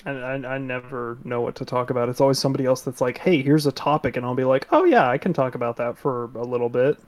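A man's voice: medium pitch, quick pace. A young man co-hosting a casual podcast chat, easygoing and laughing often. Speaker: podcast co-host.

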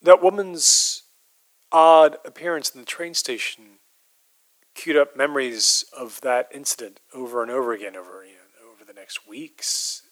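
Man, mid pitch, measured halting storytelling, hushed moments. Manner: measured, halting, drops to a hush. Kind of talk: casual storytelling.

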